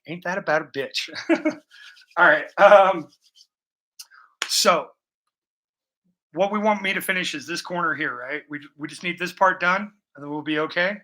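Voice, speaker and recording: A man's voice: high voice, a little slow, pauses often, sharp tone, poor audio. A man livestreaming a painting session, chatting casually with a joking, profane, rambling manner and breaking into snatches of song, heard through a laptop mic. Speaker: live-streaming painter.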